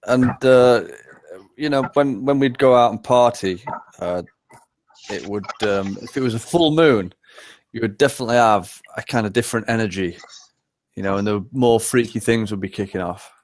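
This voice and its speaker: A man's voice: medium pitch, moderate pace, a little hiss or hum. A man in casual conversation, speaking hesitantly, with many fillers and restarts. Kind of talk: casual chat.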